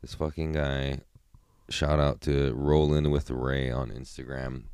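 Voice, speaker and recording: A man's voice: rumbling low, flat delivery, unhurried, darkish tone, clean tone, no room sound, studio quality. A man hosting a solo podcast, rambling casually with constant profanity. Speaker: podcast host.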